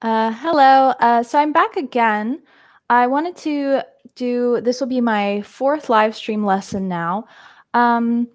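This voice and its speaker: A woman teaching English vocabulary in a live-streamed lesson, explaining terms step by step. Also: on the high side. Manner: slow, explains terms step by step, frequent "um" and "right?".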